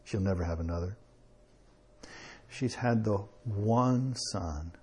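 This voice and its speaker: A man preaching a sermon in a conversational way, with chuckles and slow emphatic pauses. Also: fairly low pitch, a little mellow, slightly rough.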